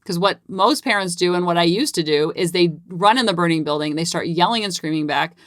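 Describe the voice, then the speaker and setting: A woman in her forties telling stories on her parenting podcast, her voice sitting a little low. She talks in a casual, chatty way with plenty of "like" fillers and jumps into animated voices for quoted dialogue. The sound is close and dry. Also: brisk, no room sound. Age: 40s. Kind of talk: casual solo podcast storytelling.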